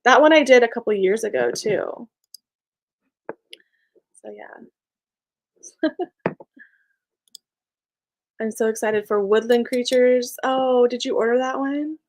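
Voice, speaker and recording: A woman's voice: a little high, slow, long pauses. A young woman chatting casually on a live stream, reading viewer comments, bubbly and laughing often. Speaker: small business owner and live streamer.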